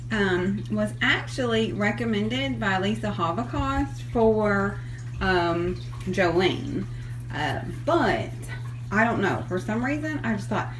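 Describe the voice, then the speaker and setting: A woman with a medium-pitched voice chats casually while filming kittens in a foster room for her vlog, often cooing and baby-talking to them. Shot on a handheld camera, the low-quality recording has slight background noise.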